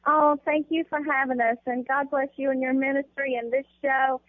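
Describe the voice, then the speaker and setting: A woman with a Southern accent, a pastor's wife answering interview questions calmly. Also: high-pitched, normal speed, no room sound. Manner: calm, gentle. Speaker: podcast guest, pastor's wife. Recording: tinny phone line.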